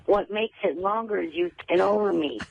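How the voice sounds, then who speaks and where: Halting man on a tinny phone line. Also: sits high, vocal fry, no room sound. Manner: halting, repeats words. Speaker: caller. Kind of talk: phone-in chat.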